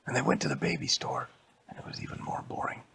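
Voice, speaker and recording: A man telling an improvised bedtime story in a hushed, mostly whispered voice. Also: quick pace, slight background noise.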